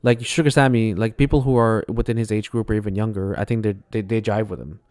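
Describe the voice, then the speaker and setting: A man's voice: lowish voice, fairly even intonation, fast talker, a little mellow, dry recording. A man from Canada co-hosting an online talk show. He talks loosely and laughs a lot. His voice is close to the mic and dry. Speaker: co-host. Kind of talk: casual chat.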